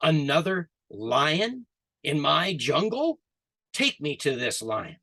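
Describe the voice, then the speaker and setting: A man voicing a proud, short-tempered male lion king, loud and commanding, while telling a story over a video call. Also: on the high side, sing-song, slow pace, no room sound, studio quality, heavily acted. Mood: indignant.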